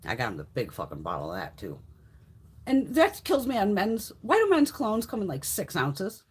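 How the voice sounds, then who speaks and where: Her voice is a little high with a breathy edge: a middle-aged woman running a beauty livestream. She tells stories in a casual, blunt way, swearing often and laughing along the way.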